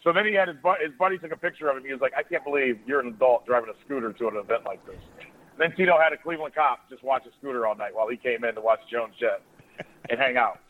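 A man in his forties from Ohio, a radio host telling a rambling story in a casual way. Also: medium pitch. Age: 40s. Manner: rapid, rambling anecdotes with quoted asides. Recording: tinny phone-like radio sound.

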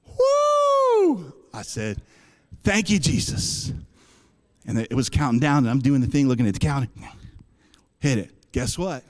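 A man preaching a sermon as pastor, impassioned, swinging from loud bursts to low asides and asking the congregation questions. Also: fairly quick, in a large hall.

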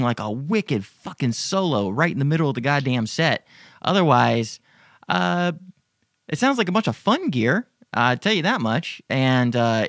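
Male podcast host, gravelly voice, dry close sound, swears freely while reading listener emails. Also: medium pitch, a bit bright, no echo. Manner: profane, rambling, joking. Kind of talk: casual Q&A chat.

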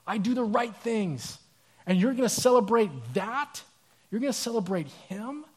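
A man's voice: very high voice, moderate pace, voice pushed up. A man voicing a resentful dutiful older brother who complains in an indignant, self-righteous way.

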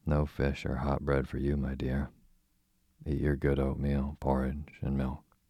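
A man voicing a little girl who plays a prim, strict mother, scolding gravely in a husky reading voice. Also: very deep voice, monotone, unhurried, dark tone, no echo, clean studio sound, heavily acted.

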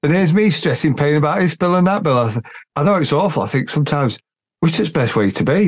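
A man's voice: a little high, lively intonation, quick pace. A man hosting a casual podcast, talking bluntly and rambling in colloquial speech. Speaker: podcast host.

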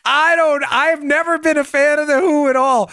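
Male political podcast host, chatty and keyed-up, crisp tense tone, dead-dry booth. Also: very high voice, moderate pace, no room sound. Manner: animated, chatty, talks over clips. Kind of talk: political commentary show.

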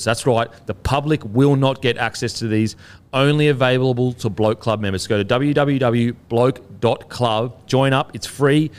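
A man's voice: mid-range voice, clean tone. An Australian man hosting a podcast, moving from a pumped-up sponsor read into casual chat. He teases his co-hosts freely. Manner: teasing, upbeat promoter. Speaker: podcast host.

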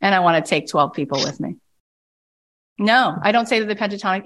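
A woman coach with a medium-pitched, brisk voice leads a group call in an impassioned coaching talk. She is emphatic, animated and blunt, sometimes profane, and swings dramatically into mocking voices to make her points.

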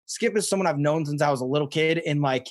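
Man from Missouri, young adult, chatty and filler-heavy, bright-ish voice, dry sound. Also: a little high, fast, no echo. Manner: rambling, filler-heavy, excitable. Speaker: podcast guest, fishing show host. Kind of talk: casual storytelling in an interview.

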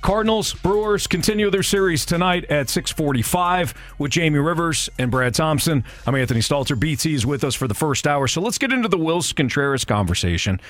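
A man hosting sports talk radio in a measured way, steering the conversation to the next topic. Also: on the high side, a bit bright, no echo. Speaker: radio host.

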